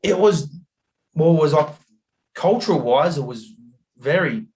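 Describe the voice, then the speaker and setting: An Australian man telling a travel story as a podcast guest over a video call, animated and laughing often, acting out the people he met. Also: a little high, measured pace. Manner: animated yarn-spinning, acts out voices, laughs often.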